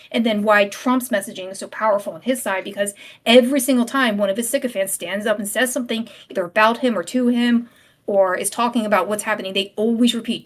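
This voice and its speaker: A woman speaking fast and loosely on a stream panel, filling gaps with "like" and "um". Her delivery is casual and conversational. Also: medium pitch. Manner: quick, chatty, lots of fillers. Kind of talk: panel discussion.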